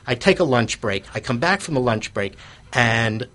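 A man's voice: medium pitch, expressive, normal speed, fairly bright tone. A man telling an anecdote in an interview, rambling with restarts and fillers and chuckling at himself. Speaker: guest telling his business story.

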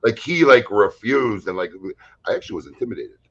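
A man in casual chat, telling an anecdote in a halting, lively way. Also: lowish voice, dull audio. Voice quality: lively, halting delivery with restarts.

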